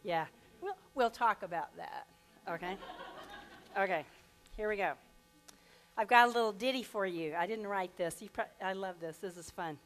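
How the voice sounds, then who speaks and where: Lady minister preaching at church, mid-pitched voice, stretches out the affirmations slow and then perks up telling a little poem. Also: soft background music. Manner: leads the congregation in slow, drawn-out affirmations; reads a rhyming poem aloud with lively expression. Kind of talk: sermon. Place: church sanctuary.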